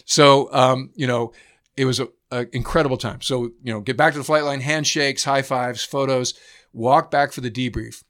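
A man in his fifties, an editor and former naval aviator, telling flying stories in a relaxed, anecdotal way with casual swearing and plenty of fillers. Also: medium pitch, moderate pace. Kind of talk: casual storytelling chat.

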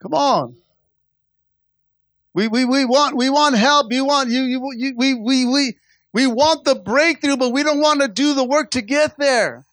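A man preaching a sermon in church, call-and-response style, who repeats stock rallying phrases and builds to shouting. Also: extremely high pitch, measured pace, no room sound. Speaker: pastor.

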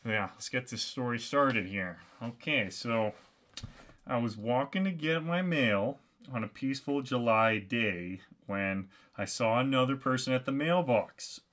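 Slow, bright-voiced male podcast host. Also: medium pitch. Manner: deadpan, halting, lots of restarts. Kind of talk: solo comedic storytelling.

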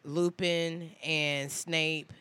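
A soft-spoken man co-hosting a podcast in a relaxed, low-key chat. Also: extremely slow, smooth. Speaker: podcast co-host. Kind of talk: casual chat.

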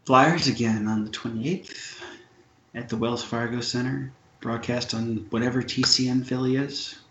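A man's voice: medium pitch, fairly even intonation, a little slow, a little hiss or hum. A man co-hosting a casual chat show, reading out game schedules with dry jokes. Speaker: podcast co-host. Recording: dull, roomy recording.

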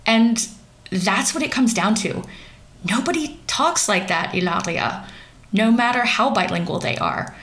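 A woman's voice: mid-range voice, animated, a little slow, a bit bright, slight background noise. Sardonic woman dishing celebrity gossip. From central Pennsylvania, US. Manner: sarcastic, wry asides. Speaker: commentator.

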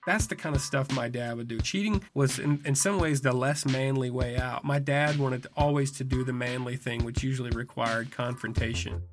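A man's voice: medium pitch, steady tone, normal speed, hardly any pauses. A man telling a personal story in a wry, self-deprecating, conversational way, full of casual fillers. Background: music score.

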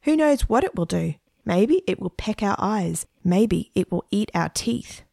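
A woman voicing a timid young boy who frets anxiously about the dark. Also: mid-range voice, big pitch swings, a little slow, vocal fry, no echo, studio quality, full character voice. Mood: fearful. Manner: anxious and fretful.

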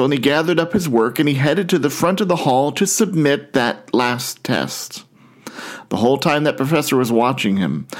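Guy pastor preaching, chatty storyteller, middle pitch. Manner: storytelling, conversational with acted quotes. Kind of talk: sermon.

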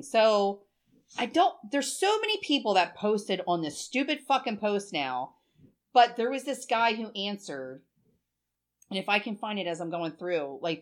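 A woman in her forties, co-hosting a podcast and telling a story in a chatty, emotional way, with plenty of swearing. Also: mid-range voice. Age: 40s. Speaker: podcast co-host. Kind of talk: casual chat.

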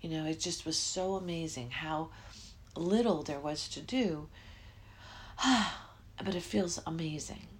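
Middle-aged woman, podcast host, low voice, rambling spiritual talk, faint room hiss. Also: unhurried, long pauses. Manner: rambling, self-interrupting, yawning often. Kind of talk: casual spiritual podcast monologue.

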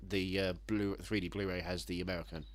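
A man co-hosting a casual comedy chat, sardonic and quick-witted. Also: low voice, flat delivery, slight background noise.

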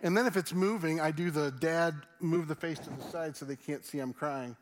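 A middle-aged man preaching a sermon, swinging between loud excited stories and hushed, earnest appeals. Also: fairly high pitch, normal speed. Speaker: pastor.

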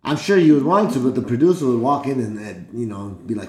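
A man's voice: medium pitch, expressive, fast talker, a little mellow. A man co-hosting a casual chat, making crude, joking comments while recapping a reality show. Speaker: podcast co-host. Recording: roomy echo.

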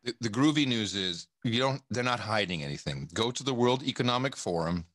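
A man from the United States, a podcast guest talking in a rambling, profane, animated way with many restarts. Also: mid-range voice, a little fast. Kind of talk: casual podcast conversation.

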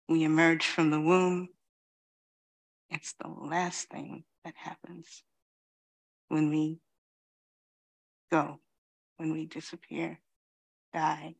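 A woman gives a dharma talk, reflective and unhurried. She is in her fifties, speaks slowly and pauses often, with many "you know"s between her thoughts. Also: deep voice, vocal fry. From Queens, New York. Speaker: Zen teacher.

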